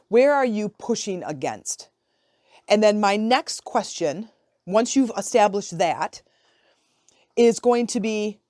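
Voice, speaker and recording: A woman's voice: medium pitch, a little mellow, dry recording, studio quality. A woman in her forties, a podcast host, talking in a chatty, reflective way and often checking in with her listener. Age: 40s. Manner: chatty and conversational, often asking "right?". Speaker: podcast host, life coach. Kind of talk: casual reflective podcast monologue.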